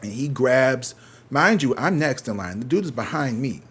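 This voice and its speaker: A man's voice: mid-range voice, moderate pace, slightly rough. A man with a St. Louis accent tells a casual story and swears freely. His voice sits in a middle register, and he jumps into other people's voices to act out their lines. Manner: profane, animated, acts out other people's lines. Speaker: tarot reader telling a story.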